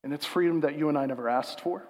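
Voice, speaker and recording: A man preaching a sermon as pastor, emphatic and building to loud peaks, slowing to a hushed, reflective reading. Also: on the high side, big-room sound.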